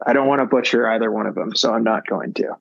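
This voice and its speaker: A man's voice: lowish voice, quick pace, creaky, no room sound, muffled recording. A man on a podcast telling rambling, profane anecdotes in casual chat. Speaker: podcast co-host.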